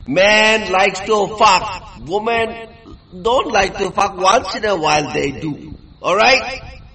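A man's voice: high-pitched, slow pace, a crowd in the background, low-quality recording. A tipsy man delivers a rambling monologue. He is crude and boastful, and he stammers through many fillers. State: tipsy from drinking.

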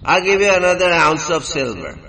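A man's voice: a little high, animated, fairly quick, bright, forceful tone, rough recording. A tipsy man delivers a rambling monologue. He is crude and boastful, and he stammers through many fillers. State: tipsy from drinking.

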